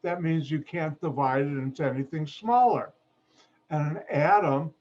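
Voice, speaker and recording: A man's voice: a little high, lively intonation, measured pace. A man teaching a chemistry class over a video call, with a playful, jokey manner and frequent asides. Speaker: chemistry instructor. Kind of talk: online lecture. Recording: muffled video call audio.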